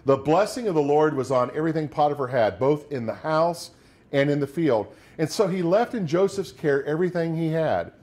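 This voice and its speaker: A man's voice: fairly high pitch, lively intonation, normal speed, darkish tone. A middle-aged man preaching a sermon as pastor, talking conversationally and acting out quoted lines of despair.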